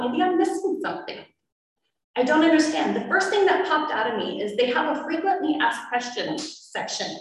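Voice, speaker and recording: A woman, a parent, making a public comment at a school board meeting, earnest and getting emotional. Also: high voice. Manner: earnest, growing emotional and forceful. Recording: echoey hall, distant mic.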